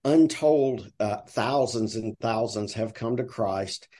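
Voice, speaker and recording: A man with a Southern American accent from Alabama, a ministry director giving earnest, measured interview answers. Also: fairly low pitch, dark tone. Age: older. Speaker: guest, ministry sales director.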